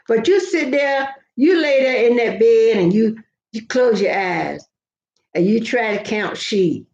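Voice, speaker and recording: A woman's voice: fairly high pitch, expressive, measured pace, darkish tone. An older woman, chatting casually to her viewers in a rambling, folksy storytelling way. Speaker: vlogger. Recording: roomy, slightly dull sound.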